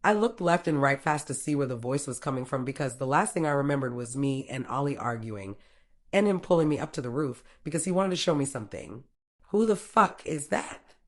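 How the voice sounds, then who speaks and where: Woman narrating in a low voice. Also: fast. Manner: plain, steady narrating with profanity. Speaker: storyteller. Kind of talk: first-person story narration.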